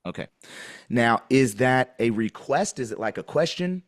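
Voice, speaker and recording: A man's voice: on the low side, expressive, normal speed. Man pressing pointed deposition questions. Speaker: plaintiff questioning an officer in a deposition.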